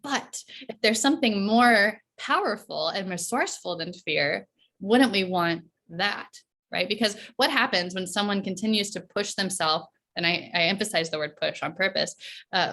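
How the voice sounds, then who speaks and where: A woman's voice: fairly low pitch, a bit bright. Woman, performance coach, casual interview, chatty, frequent "right?", laughs often.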